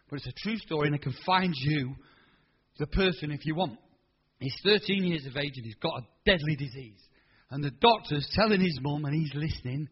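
A man in his sixties preaching a sermon, telling stories in an animated, colloquial way. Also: a little high, breathy edge, lo-fi sound. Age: 60s. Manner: animated, colloquial storytelling with quoted voices. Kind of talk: storytelling sermon.

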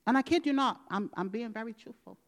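A woman preaching a personal testimony, dramatic, moving from loud exclamations to hushed whispers and acting out dialogue. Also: fairly high pitch, fast. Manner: acts out quoted dialogue with God.

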